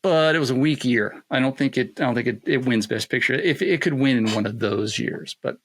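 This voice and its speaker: Male podcast co-host, relaxed conversational tone, average pitch. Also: fairly quick. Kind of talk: casual chat.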